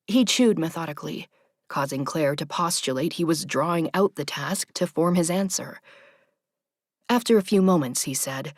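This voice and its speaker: Low, soft-voiced woman narrating a romance audiobook. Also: normal speed, no room sound, clean studio sound.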